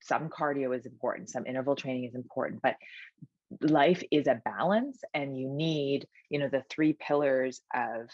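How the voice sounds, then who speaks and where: A woman's voice: very deep voice, moderate pace, a little mellow, no echo, highs cut off. A woman personal trainer talking energetically as a podcast guest, emphatic and full of "like" fillers and restarts. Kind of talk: conversational podcast interview.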